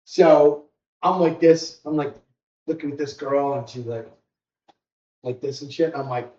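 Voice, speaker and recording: A man co-hosting a podcast, telling stories in a rambling, animated way and acting out other people's lines. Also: fairly high pitch, a little slow. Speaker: podcast co-host. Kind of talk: casual storytelling chat. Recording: roomy, distant, muffled home recording.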